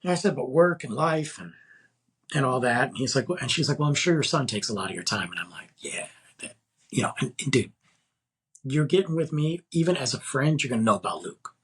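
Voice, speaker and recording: A man in his forties tells a dating story at a casual podcast host's pace, rambling with endless fillers and acting out both sides of the talk. His voice is strongly husky and breathy, sitting at an ordinary middle pitch. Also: lively intonation, fairly quick, a bit bright. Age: 40s. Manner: rambling, heavy filler words, acts out both sides of a dialogue. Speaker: podcast host. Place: Texas.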